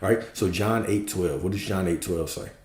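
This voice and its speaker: A man's voice: sits low, moderate pace, a little mellow, roomy sound. A man giving a spiritual teaching talk as a coach, emphatic and preachy, with casual profane asides.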